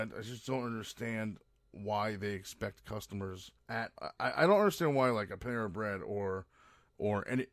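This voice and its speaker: A man's voice: mid-range voice, dry recording, clean studio sound. A man hosting a podcast, ranting in a rambling, profane monologue full of restarts. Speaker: podcast host. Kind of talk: casual monologue.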